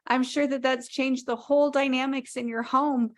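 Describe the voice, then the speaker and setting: A woman hosts a video call and affirms the speakers with emphasis, clearly moved by what she hears. Her voice sits a little high. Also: little pitch movement, normal speed. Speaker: host moderating. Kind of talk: encouraging wrap-up on a video call.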